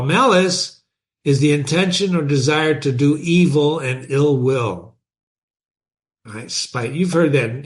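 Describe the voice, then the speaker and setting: A man hosting a book lesson, explaining in an animated way and asking his listeners many rhetorical questions. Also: mid-range voice. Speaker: literature teacher and host.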